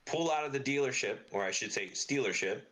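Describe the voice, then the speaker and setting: A man's voice: medium pitch, animated, fairly quick, fairly bright tone. A middle-aged man, a guest on a podcast, telling long casual stories full of fillers and swearing. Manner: swears freely, rambling anecdotes with lots of fillers. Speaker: podcast guest, car parts business owner. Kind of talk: casual storytelling interview.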